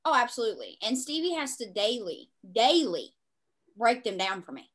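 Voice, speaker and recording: A woman's voice: on the high side, sing-song, moderate pace, fairly bright tone. A woman with a Southern US accent co-hosting a podcast, joking bluntly and swearing freely in casual chat. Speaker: podcast co-host.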